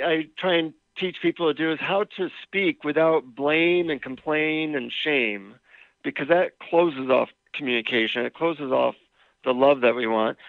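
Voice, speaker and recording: A man with a gravelly, slightly high voice telling relaxed stories as an interview guest. He speaks as an author and family therapist. His voice comes through a tinny phone line. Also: dry recording. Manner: relaxed anecdotal storyteller. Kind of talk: interview with storytelling.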